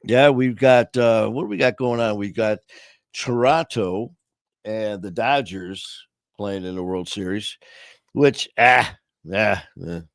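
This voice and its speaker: A man's voice: lowish voice, takes it slowly, dry recording, clean studio sound. A man hosting a casual livestream chat. He rambles with lots of fillers and tells corny jokes. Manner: rambling, joking, many fillers. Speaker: livestream host.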